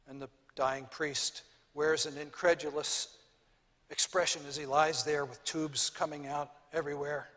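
Pastor, man, sermon in a big echoey church hall, higher bright voice. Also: level tone, measured pace.

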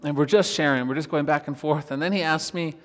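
A worship pastor telling a personal story in a relaxed, conversational sermon, laughing often as he talks. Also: on the high side, quick pace. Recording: long reverb of a church hall.

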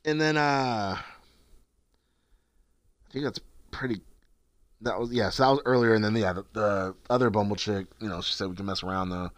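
A young man co-hosting a podcast, swearing and retelling text exchanges with jumpy pitch. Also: normal speed, long pauses, no room sound. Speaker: podcast co-host. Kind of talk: crude casual chat.

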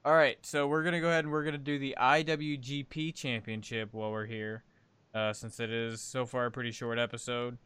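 A man co-hosting a casual wrestling podcast, loud and playful, often laughing. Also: mid-range voice, flat delivery, fairly quick, clean tone, dry recording. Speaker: podcast co-host. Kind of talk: casual chat.

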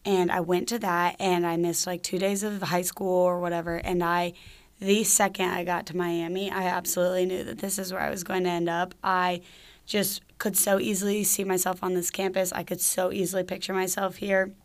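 A young woman from Georgia in the US, telling a story from her own life. She sounds casual and chatty and drops "like" into nearly every sentence. Her voice sits a little low for a woman. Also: little pitch movement, moderate pace. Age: young adult. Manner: chatty, full of "like" fillers.

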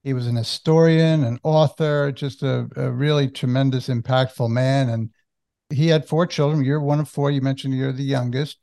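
A man hosting an interview, speaking gently and appreciatively to his guest. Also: mid-range voice, steady tone, moderate pace, gravelly. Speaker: host.

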